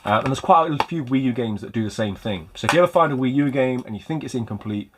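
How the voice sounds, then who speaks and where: A man's voice: mid-range voice, expressive, fast talker, background noise. A man hosting a casual vlog about retro game pickups, chatty and rambling with a light self-mocking humor. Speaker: retro game collector and channel host.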